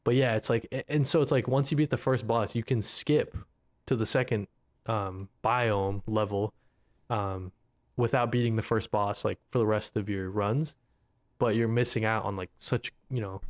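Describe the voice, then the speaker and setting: A man's voice: lowish voice, fairly even intonation, normal speed. A man co-hosting a gaming podcast, rambling casually with lots of "you know what I mean" and some swearing. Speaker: podcast co-host. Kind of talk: casual chat.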